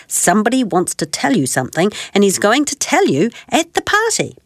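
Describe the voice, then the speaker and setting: A woman voicing a kindly male rag doll toy who organises things, in a gentle storybook reading. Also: mid-range voice, wildly swooping pitch, fairly quick, dry recording, clean studio sound, pitched above the performer's own voice.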